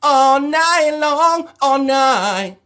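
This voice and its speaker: A shrieking, flamboyant male radio showman, blasting hype in a high, piercing register. His pitch leaps and swoops wildly from word to word. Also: animated, pushed and bright, full character voice. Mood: hyped. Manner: shrill, squealing, rapid-fire hype.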